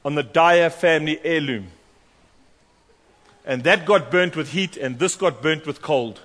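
A man preaching a sermon, animated and storytelling, acting out the voices of the people in his stories. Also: on the high side, a little slow. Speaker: pastor. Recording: long hall reverb.

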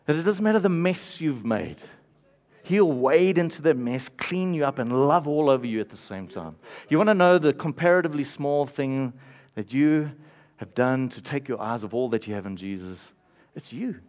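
A male pastor delivers a sermon. He tells a story with playful asides and chuckles between lines. His pitch sits in the ordinary middle range for a man. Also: expressive, normal speed, darkish tone.

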